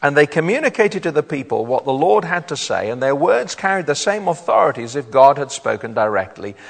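Preacher with a long hall echo. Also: male voice, on the high side, very animated, a little fast, creaky. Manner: reads scripture aloud, then explains it to the congregation. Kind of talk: sermon.

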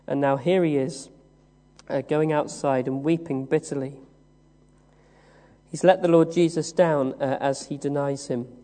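A man from the West Country of England preaching a sermon, telling the story slowly with many "uh" pauses. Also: a little high, steady tone, warm tone. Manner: measured storytelling with frequent "uh" pauses. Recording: long reverb of a large hall.

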